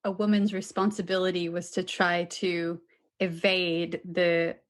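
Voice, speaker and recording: A woman's voice: on the low side, level tone, unhurried. A woman co-hosting a podcast, asking thoughtful, clarifying questions. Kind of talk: conversational interview.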